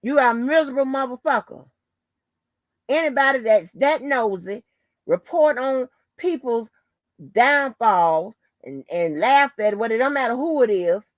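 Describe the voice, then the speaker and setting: A woman's voice: on the high side, lively intonation, a little slow, dry recording, muffled recording. A woman hosting her own channel, delivering a heated, profanity-laden rant full of taunts and insults. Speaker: channel host. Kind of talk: angry profane rant to the camera.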